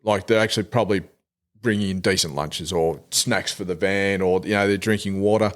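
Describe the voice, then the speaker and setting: Australian sergeant, lowish voice, earnest and frank, loose conversational delivery. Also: male voice, fairly even intonation, fairly quick. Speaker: police sergeant. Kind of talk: casual podcast chat.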